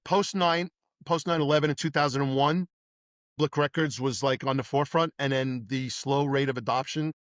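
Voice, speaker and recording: A middle-aged New man talks through his old police days in a casual interview, acting out the voices of people in his stories. His pitch sits in the middle of the range for a man. The recording is dry and close, with no room sound. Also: brisk, no room sound. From New York. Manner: animated anecdotes with acted-out dialogue. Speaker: podcast guest, former police detective.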